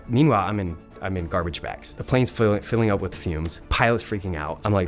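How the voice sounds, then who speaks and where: A young man, an Air Force veteran, excitedly retelling a story and acting out the quoted dialogue in a casual way. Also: low voice, a little fast, few pauses, soft background music. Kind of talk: animated personal storytelling.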